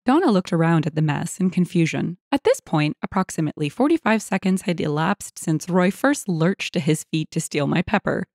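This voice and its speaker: Woman narrating a story, super expressive, bouncy pitch, dry close mic. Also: normal speed, few pauses, dry recording. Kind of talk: scripted narration.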